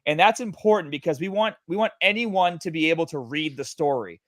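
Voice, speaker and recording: A man in casual livestream chat, pitching his project with many fillers and restarts. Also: fairly quick, fairly bright tone, dry recording. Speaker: guest, NFT project creator.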